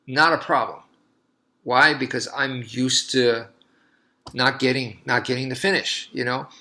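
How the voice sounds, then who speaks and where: A man's voice: on the high side, pushed and bright. A man, a martial artist, talking casually and telling a long story in a loose, rambling way with many restarts.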